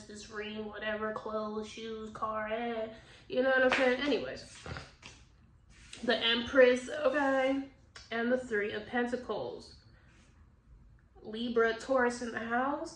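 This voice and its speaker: A woman's voice: on the high side, a bit bright. A woman giving a casual tarot reading, talking bluntly with lots of swearing and frequent laughs. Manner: blunt, profane, laughs often. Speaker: tarot reader. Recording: echoey room, distant mic, faint noise.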